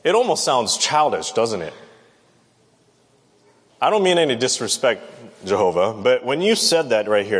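A man's voice: medium pitch, big pitch swings, moderate pace, pauses often. A man preaching a Bible lesson, talking conversationally and asking the audience questions. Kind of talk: Bible teaching sermon. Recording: long reverb of a large hall.

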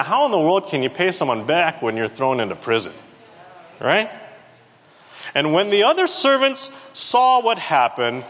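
Man preaching, fairly high voice, long hall reverb, animated, questions the congregation. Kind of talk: sermon.

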